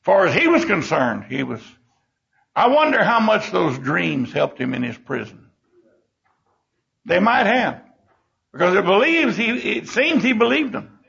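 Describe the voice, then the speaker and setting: A man's voice: high-pitched, wildly swooping pitch, a little slow, gravelly, pauses often, a bit bright. An older man teaching a Bible lesson in a folksy, emotional way, acting out the scenes as he goes. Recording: dull lo-fi recording.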